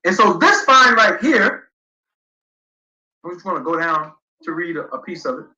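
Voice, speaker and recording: A high-pitched man with a very bright, piercing voice lectures emphatically, reading passages aloud and pressing each point. He sounds roomy and echoey, and the stream audio is dull and lo-fi. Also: animated, moderate pace. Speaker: guest speaker. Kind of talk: livestream debate lecture.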